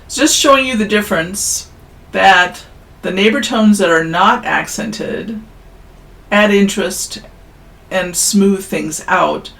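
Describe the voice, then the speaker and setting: A woman's voice: medium pitch, slow pace, vocal fry, fairly bright tone, low-quality recording. A woman giving a casual, recorded music theory lecture, chatting through examples with offhand, self-deprecating asides.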